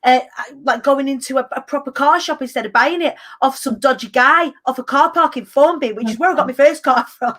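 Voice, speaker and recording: Brief: woman in her thirties, podcast host, high bright voice, chatty storyteller who acts out quotes. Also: brisk, few pauses. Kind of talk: casual chat.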